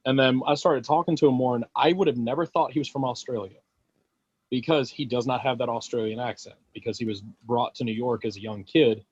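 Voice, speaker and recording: A man in casual podcast chat, telling an anecdote in an animated way. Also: medium pitch, brisk, husky, no echo, lo-fi sound.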